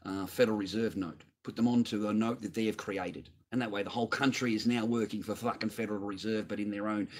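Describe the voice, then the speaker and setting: Australian male streamer, husky, mid-pitched, swears nonstop in a heated rant. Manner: profane, heated, repetitive. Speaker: livestream host. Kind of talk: ranting livestream chat answering viewers.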